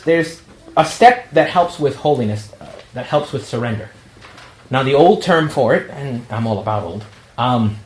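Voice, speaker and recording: A priest with a New York accent giving a talk to young adults, telling jokey stories and acting out quotes. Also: male voice, mid-range voice, echoey room. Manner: storytelling, jokey, acts out quotes. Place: meeting room.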